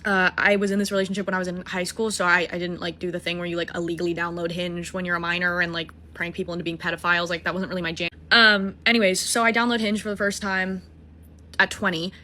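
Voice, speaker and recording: Twenty-something theater kid woman, rapid storytelling, swears a lot, does all the voices. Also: fairly low pitch. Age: 20s. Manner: animated, self-mocking, acts out dialogue. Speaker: musical theater student.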